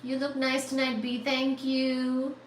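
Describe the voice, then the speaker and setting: Excitable woman livestreamer, roomy distant mic. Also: sits high, takes it slowly. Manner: bubbly, excitable, squealing thanks. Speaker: livestream host. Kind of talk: casual livestream chat reading super chats. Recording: roomy, distant, faint static hiss.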